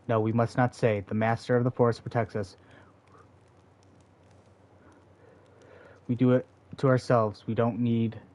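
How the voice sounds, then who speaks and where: A man's voice: mid-range voice, level tone, fairly quick, darkish tone, lightly acted. A man reading aloud the lines of a proud, bitter forest seer who is a mother, in a stern, defiant, dismissive manner. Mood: hostile. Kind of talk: reading game dialogue aloud.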